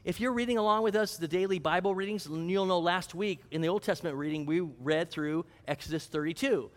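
A man preaching a sermon with a high voice, talking to his listeners and acting out prayers. His voice rings with long reverb. He asks questions, then answers them himself. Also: brisk. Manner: acts out prayers and a mock auction. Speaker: pastor.

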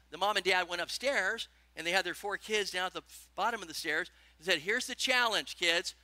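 Bright high-voiced male preacher. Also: dry recording. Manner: animated preaching, asks the congregation questions. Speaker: pastor. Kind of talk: sermon.

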